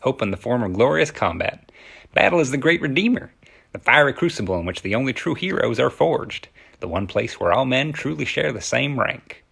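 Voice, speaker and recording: A man with a Kentucky accent playing a gruff army officer giving a loud, rousing speech to a soldier. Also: medium pitch, lively intonation, normal speed, voice pushed up, heavily acted.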